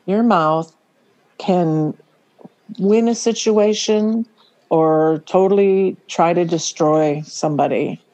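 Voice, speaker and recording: A middle-aged woman co-hosting a faith podcast, chatting casually, laughing often and slowing down to stress words. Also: on the low side, warm tone, lo-fi sound. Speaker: podcast co-host.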